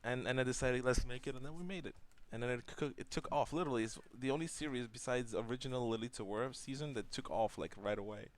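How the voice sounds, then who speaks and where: A man's voice: medium pitch, quick pace. A young man co-hosting a casual gaming talk show, blunt and rambling, with crude jokes. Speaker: podcast co-host.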